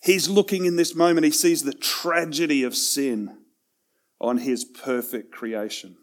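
A man preaching a sermon in a conversational way, with self-deprecating asides, swinging between loud and hushed passages. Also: on the high side, steady tone, unhurried. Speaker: pastor.

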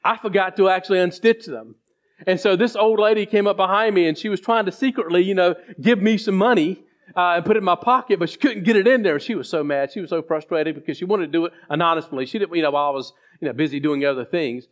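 A man preaching a sermon as pastor, telling a story with frequent restarts. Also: sits high. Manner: halting storyteller with many restarts.

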